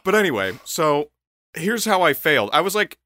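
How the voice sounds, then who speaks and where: A young man in casual comedic chat, telling an animated story full of laughter and swearing. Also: fairly high pitch, moderate pace, no echo, studio quality.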